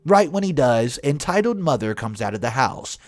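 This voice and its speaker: A man narrating a family drama story in a scripted, expressive way, swinging between flat and emphatic delivery. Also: medium pitch, normal speed, dry recording, clean studio sound, faint music behind.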